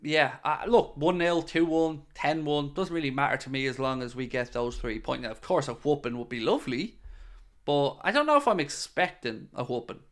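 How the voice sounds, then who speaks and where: A man's voice: a little high, lively intonation, moderate pace, a bit bright. A man hosting a casual live stream, chatting and answering viewer comments. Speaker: podcast host reading live chat.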